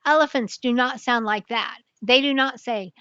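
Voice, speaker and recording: A woman's voice: a little high, normal speed, fairly bright tone, clean tone, no room sound, highs cut off. Big Max, a woman reading as a sure detective. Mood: confident. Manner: confident, explaining. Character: boastful clever elephant detective, male.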